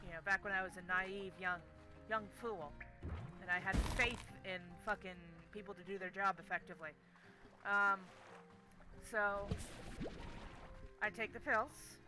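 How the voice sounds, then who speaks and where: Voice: mid-range voice, steady tone, measured pace, long pauses, music in the background, poor audio. A young adult game streamer telling a story casually while playing, swearing constantly in an exasperated rant.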